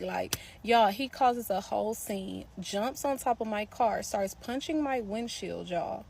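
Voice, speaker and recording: Lively woman telling a story. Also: on the high side, normal speed, hardly any pauses, slight background noise. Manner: animated, speaks straight to viewers, laughs often. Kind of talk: casual storytelling to the camera.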